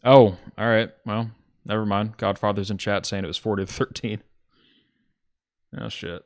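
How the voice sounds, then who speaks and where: Southern man calling plays, low voice. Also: steady tone, normal speed, no room sound, clean studio sound. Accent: Southern US (Alabama). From Alabama, USA. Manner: rambling, self-correcting, chatty with his chat. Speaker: stream play-by-play commentator. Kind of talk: casual play-by-play commentary.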